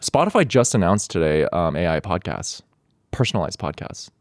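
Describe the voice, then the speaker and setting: Animated sarcastic man on a podcast. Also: deep voice, moderate pace, no echo, clean studio sound. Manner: animated, sarcastic, laughs easily. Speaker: podcast co-host. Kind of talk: casual comedic chat.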